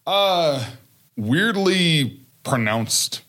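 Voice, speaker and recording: A man's voice: fairly high pitch, animated, very slow, pushed and bright. A man co-hosting a casual chat who rambles and corrects himself as he recommends songs. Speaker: podcast co-host.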